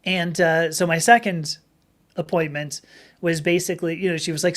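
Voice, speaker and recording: A middle-aged woman hosting a live stream, chatting casually with viewers and telling rambling stories. Her voice is a little rough from talking for hours. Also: on the low side, steady tone, normal speed. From Southern California. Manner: rambling, chatty storytelling with many restarts. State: slightly rough voice from long talking.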